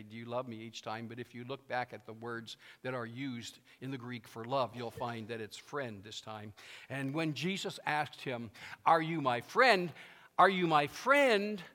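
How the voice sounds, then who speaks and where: This male pastor preaches a sermon in a medium-pitched, slightly bright voice. He is emphatic and likes to repeat his phrases, and a long reverb from a large hall surrounds him.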